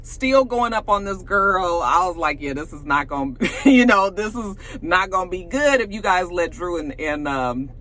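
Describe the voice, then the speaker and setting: Woman vlogger, casual slangy recap, swoops all over her range, sharp bright tone. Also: lowish voice, moderate pace, hardly any pauses. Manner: animated, profane and slangy, laughs often, acts out quotes.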